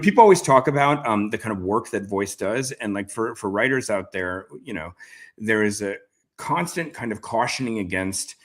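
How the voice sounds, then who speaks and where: A man interviewing an author, speaking in a thoughtful, rambling way with many fillers. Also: on the low side. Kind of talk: casual conversational interview.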